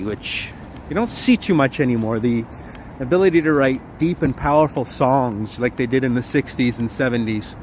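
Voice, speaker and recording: A man's voice: mid-range voice, darkish tone. A man chatting casually on a walking live stream, reading viewer comments aloud as he goes. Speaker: livestream walking vlogger. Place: city streets outdoors. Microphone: handheld phone. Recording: outdoor phone stream with street noise. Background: faint traffic and street noise.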